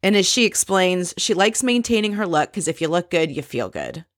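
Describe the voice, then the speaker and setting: A woman casually recapping a reality show scene by scene, chatty and quick to laugh. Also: fairly low pitch, lively intonation, no echo, clean studio sound. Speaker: recap podcast host.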